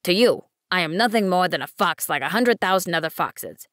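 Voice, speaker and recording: A woman voicing a wise, patient male fox in an audiobook, speaking in a measured, earnest way. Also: on the low side, lively intonation, fairly bright tone, dry recording, clean studio sound. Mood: explaining. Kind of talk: audiobook reading.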